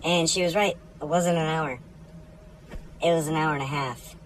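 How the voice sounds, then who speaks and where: A woman's voice: sits low, steady tone, moderate pace, a little hiss or hum, rough recording. A woman telling a comic story in a dry, matter-of-fact way.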